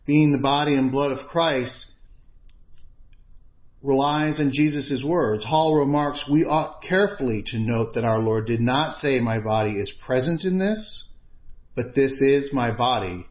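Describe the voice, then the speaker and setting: An earnest male preacher giving a sermon at a measured pace, leaning hard on key words. His voice sits in a middle range. The recording sounds a little dull and lo-fi. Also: medium pitch.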